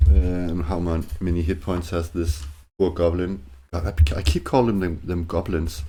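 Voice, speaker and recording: A man narrating his own solo tabletop game, thinking aloud in a hesitant way, with many fillers and restarts and quiet chuckles to himself. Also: sits low, fairly even intonation, measured pace, background noise.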